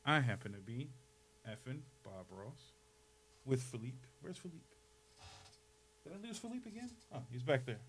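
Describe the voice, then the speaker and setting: A man hosting a comedy podcast while putting on a playful impression of a soft-spoken TV painter, laughing often. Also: mid-range voice, expressive, moderate pace, pauses often, a little hiss or hum. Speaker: podcast host. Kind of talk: comedic Bob Ross impression.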